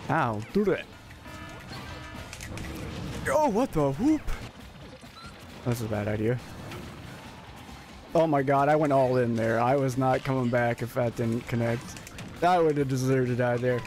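A man with a raspy voice giving excitable, jokey live commentary as he plays, breaking into sudden yelps. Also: mid-range voice, normal speed, long pauses, soft background music. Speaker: streamer.

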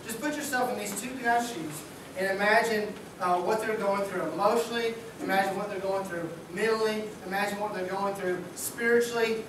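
Man preaching in a booming hall. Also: a little fast, background noise. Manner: casual, joking, talks like a buddy. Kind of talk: sermon. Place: church sanctuary. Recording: echoey church hall from far off.

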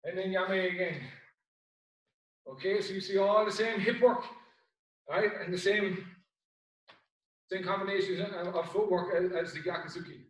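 An Irish man teaching a karate class over a video call, calling out commands and counts with brisk shouted cues. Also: sits high, steady tone. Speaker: karate instructor. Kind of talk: online class instruction. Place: home room on video call. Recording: very echoey room, voice far from mic.

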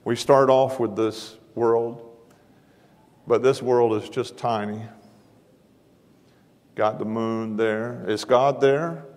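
Man, preacher, slow and folksy sermon, joking at himself, long hall echo. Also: medium pitch, steady tone, a little mellow. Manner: slow, folksy, self-deprecating. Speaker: guest preacher. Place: large church auditorium.

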